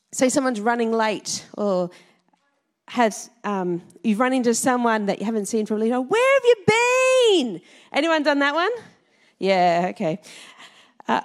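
A middle-aged Australian woman minister giving a chatty church talk, quizzing the congregation and laughing often. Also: on the high side. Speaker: Salvation Army minister.

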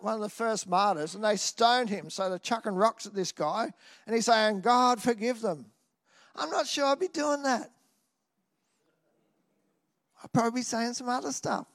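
A man preaching a sermon in an animated way, swinging from loud exclamations to quiet asides and often tossing in a "hey?". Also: very high-pitched, creaky.

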